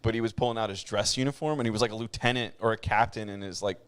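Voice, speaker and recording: A man hosting a podcast in casual chat, relaxed and rambling, with lots of fillers and frequent laughs. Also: fairly low pitch, rapid-fire, clear, resonant tone, dry recording. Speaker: podcast host.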